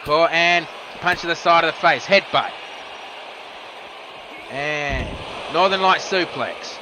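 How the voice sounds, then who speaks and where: A man giving quick move-by-move wrestling commentary, with casual asides. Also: on the high side, noisy background. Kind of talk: play-by-play commentary.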